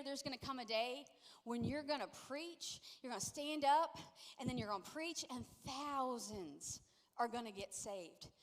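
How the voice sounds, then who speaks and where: Brief: woman pastor, middle-aged, high and animated, storytelling sermon, long hall reverb. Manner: lively storytelling, playfully acting out quotes. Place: church sanctuary. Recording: long echo of a large church hall.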